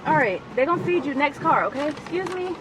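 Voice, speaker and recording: Excitable high-pitched young woman in a car. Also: fast talker. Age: young adult. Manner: excitable, laughing, coaxing animals. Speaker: vlogger. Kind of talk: casual vlog chat. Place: in a car at a drive-through safari park. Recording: noisy outdoor car recording.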